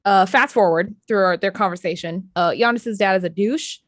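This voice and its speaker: A woman's voice: mid-range voice, moderate pace, dry recording, studio quality. A young adult woman recapping a tabletop game session in a rambling, profane, casual storytelling way. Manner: rambling, profane, acts out quotes. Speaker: player recapping the last session.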